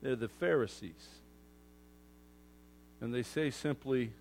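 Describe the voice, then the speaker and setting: A man preaching a sermon to his congregation in a lively way, acting out crowd voices and moving from loud outbursts to hushed asides. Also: fairly high pitch, measured pace, a little hiss or hum. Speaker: pastor.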